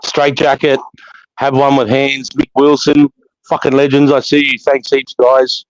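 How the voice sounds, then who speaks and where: Aussie bloke host, mid-pitched, dry close sound, swears freely while thanking viewers one by one. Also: male voice, monotone, unhurried, dry recording, muffled recording. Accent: Australian. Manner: sweary, matey shout-outs to chat. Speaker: livestream host. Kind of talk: casual livestream chat.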